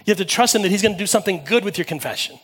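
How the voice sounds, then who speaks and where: A male pastor giving a sermon, telling personal stories with lively swings from loud emphasis to quiet asides. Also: high-pitched, rapid-fire, husky.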